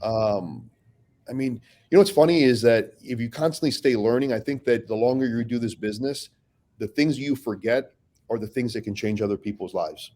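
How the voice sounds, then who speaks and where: A man's voice: mid-range voice, moderate pace. Blunt, profane man telling his story. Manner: blunt, profane, animated storytelling with frequent restarts. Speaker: podcast guest. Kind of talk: casual podcast talk.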